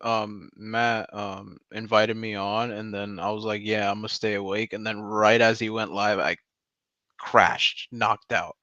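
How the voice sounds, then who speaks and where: A man's voice: lowish voice, flat delivery, unhurried, bright, forceful tone, no room sound. A man in his twenties chatting casually on a live voice call, rambling in slang with lots of "like" and "bro". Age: 20s. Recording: dull lo-fi mic.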